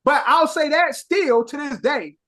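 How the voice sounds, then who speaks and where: A man from Chicago co-hosting a podcast, talking in animated casual chat and jumping into loud mock voices. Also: very high voice, a little slow. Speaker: podcast co-host.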